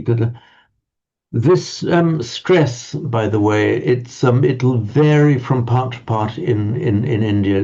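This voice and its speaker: A man teaching a Pali class, talking in a halting, thoughtful way with many restarts, on a dull lo-fi recording. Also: medium pitch, warm tone.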